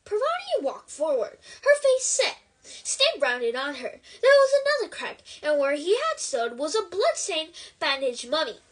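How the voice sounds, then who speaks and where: A woman reads a novel aloud in an expressive storytelling way. Her voice is high and very lively, climbing and dipping from phrase to phrase. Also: measured pace, low-quality recording. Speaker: book reader.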